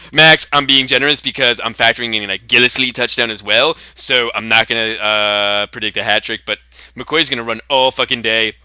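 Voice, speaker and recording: A man's voice: medium pitch, sharp tone, smooth, no room sound, studio quality. A young man hosting a comedy sketch, brashly boasting and swearing through profane trash talk.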